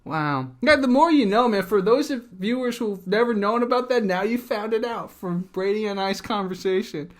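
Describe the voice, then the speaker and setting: Animated rambling male interview host. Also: sits high, normal speed, hardly any pauses. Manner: animated, rambling, many fillers. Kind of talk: casual video-call interview.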